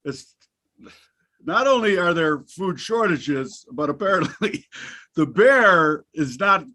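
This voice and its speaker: A man's voice: a little high, lively intonation, slow pace, bright, forceful tone. A man hosting a casual market show, joking and cursing freely. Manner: jokey, profane banter. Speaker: host.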